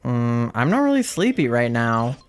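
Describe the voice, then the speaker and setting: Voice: mid-range voice, very animated, normal speed, clear, resonant tone, voice pushed down, natural voice. A streamer voicing a sleepy, easygoing Pokémon while reading game dialogue aloud.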